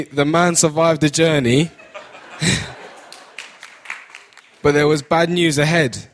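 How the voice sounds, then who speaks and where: Amused man narrating with chuckles. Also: on the high side. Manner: amused, chuckling, halting restarts. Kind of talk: comic storytelling.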